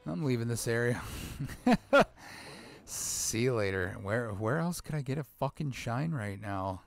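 A man's voice: medium pitch, animated, moderate pace, creaky, dry recording, soft background music. A man who is a gaming dad, giving profane, grumbling let's play commentary on a video game. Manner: swears a lot, grumbles at the game. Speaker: gamer dad.

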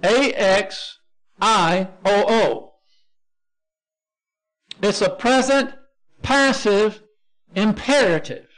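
A man's voice: sits high, drawn-out words, long pauses, a bit bright. A man with a Texan accent teaching a Bible lesson as pastor, explaining Greek words step by step and spelling them out letter by letter. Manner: explains word by word, spells out Greek terms, frequent restarts.

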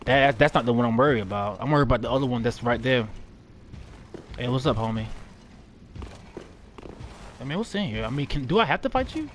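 A man's voice: medium pitch, lively intonation, brisk, long pauses, slight background noise. A man doing live gameplay commentary, trash-talking and cursing at enemies while he plays. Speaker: gaming streamer.

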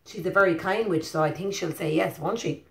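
A preschool teacher reading a picture book aloud to young children, animated and stopping to ask them questions. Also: female voice, fairly low pitch, fairly quick, creaky, reverberant.

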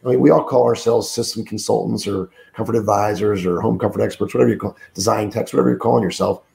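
A middle-aged man with a heavily gravelly, dark voice talks as a sales trainer on a podcast. He sounds groggy and under the weather, leaning hard on his points and repeating words, with plenty of fillers. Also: lowish voice, fairly even intonation, quick pace. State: groggy, sick voice. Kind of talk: podcast interview, coaching talk. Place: room alone, remote call.

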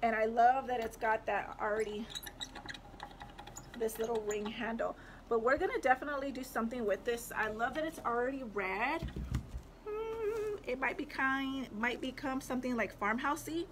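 A young woman with a drawl chats with her live-stream viewers, wandering from thought to thought with plenty of fillers. Her voice sits slightly high. The home recording carries a steady, noticeable background noise. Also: normal speed. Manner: chatty, talks to viewers, rambling with fillers. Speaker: livestream host showing thrift finds. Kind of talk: casual live-stream chat.

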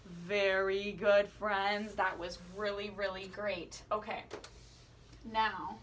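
A woman teaching children a playful singing lesson, asking questions and encouraging them as she swoops her voice high and low. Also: flat delivery, slow, background noise. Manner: encouraging, asks the listener questions. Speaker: music teacher.

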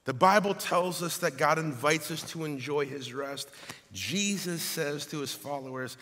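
A man's voice: on the high side, unhurried. Preaching man in a reverberant church. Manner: animated preaching, reading scripture aloud. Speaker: pastor. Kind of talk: sermon. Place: church sanctuary. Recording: long hall reverb.

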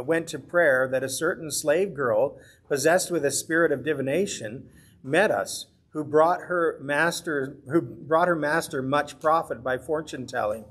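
A male pastor leading a midweek Bible study, talking in an earnest, conversational way. His voice sits a little high and has a husky edge. Now and then he slips into the voices of the people he quotes.

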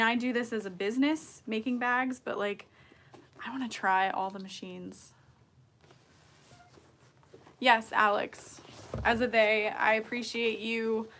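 A woman's voice: a little high, a bit bright, a little hiss or hum. A young woman chatting casually on a sewing livestream, reading out viewer comments as she works. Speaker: bag maker hosting a sewing livestream.

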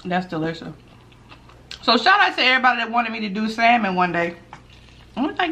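A middle-aged woman hosting a mukbang at home, chatting casually with viewers while eating and sometimes dropping to a hushed voice. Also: on the high side, very animated, a little fast, slight background noise. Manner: chatty, talks while chewing, drops to a hushed voice for gossip. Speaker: mukbang host.

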